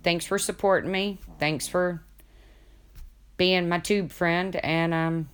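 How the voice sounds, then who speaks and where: A woman hosting a casual livestream, reading viewer comments aloud and chatting, with a deep voice people mistake for a man's. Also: steady tone, takes it slowly, clean tone. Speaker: livestream host.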